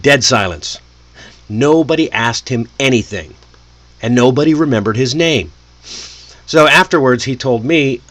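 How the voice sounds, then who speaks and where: A man teaching English in a lively, friendly way, often chuckling to himself. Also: medium pitch, measured pace. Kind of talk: casual lesson delivery.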